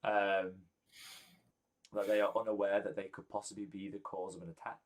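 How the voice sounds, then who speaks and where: A low-voiced man narrating as game master in a tabletop role-playing game. He talks casually and loosely, with lots of fillers. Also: little pitch movement, normal speed.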